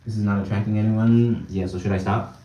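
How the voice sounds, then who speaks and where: A man's voice: fairly low pitch, fairly even intonation, a little fast, reverberant, far from the mic, background noise. A young man hosting a casual live stream, bantering with his chat, reading their comments aloud and laughing often. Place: indoors at home, small room.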